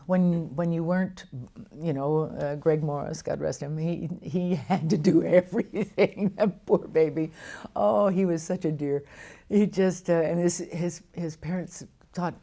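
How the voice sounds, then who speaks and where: An older actress telling lively stories in an interview, with frequent laughs and restarts. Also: female voice, deep voice, moderate pace, vocal fry. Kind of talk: storytelling interview.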